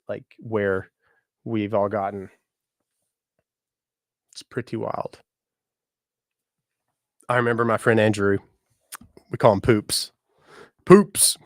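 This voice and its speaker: A man's voice: on the low side, level tone, unhurried, vocal fry, pauses often, dry recording, studio quality. A man in his thirties, a musician and content creator, chatting casually on a live stream, joking, laughing and greeting viewers by name. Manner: chatty, jokey, speaks to viewers by name, laughs often, swears.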